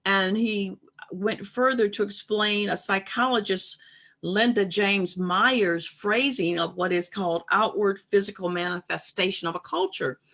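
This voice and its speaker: A woman's voice: medium pitch, unhurried, a bit bright. A woman co-hosting a casual discussion, reflective and emphatic, making her points carefully. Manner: reflective, emphatic, acts out quoted remarks. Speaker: co-host.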